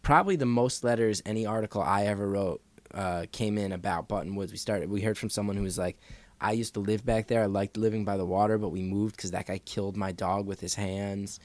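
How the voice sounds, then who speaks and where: A man's voice: fairly low pitch, a little fast, dry recording. A man telling a long story in a casual podcast chat, acting out the people in it. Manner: animated, acts out quoted voices. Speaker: podcast guest.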